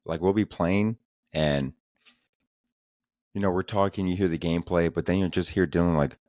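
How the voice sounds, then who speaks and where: A man's voice: low-pitched, normal speed, darkish tone, dry recording, clean studio sound. A man hosting a solo podcast, rambling casually with profane jokes. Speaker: podcast host.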